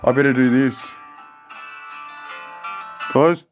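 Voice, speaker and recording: A man's voice: mid-range voice, takes it slowly, soft background music. A man rambling casually to his viewers in a jumpy phone vlog. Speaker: vlogger.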